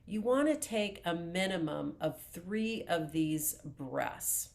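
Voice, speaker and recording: A woman coaching viewers through a self-help lesson at a very slow, deliberate pace. Her voice sits a little low and stays calm. She explains each step plainly, pausing and restarting now and then. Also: creaky. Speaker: life coach. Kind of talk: self-help video talk to camera.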